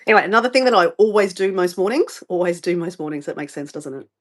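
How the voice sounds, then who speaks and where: A woman's voice: lowish voice, lively intonation, quick pace. Chatty middle-aged Australian woman rambling. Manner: rambling, chatty, sidetracked, answers viewer comments. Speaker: vlogger livestreaming her morning routine. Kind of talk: casual live-stream chat to viewers.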